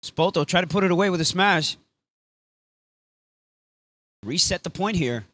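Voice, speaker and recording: A man calls the match live in a loose, excitable play-by-play, switching into Spanish now and then. His voice sits a touch higher than most men's. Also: measured pace, no echo. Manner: casual, excitable, mixes in Spanish phrases. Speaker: sports commentator.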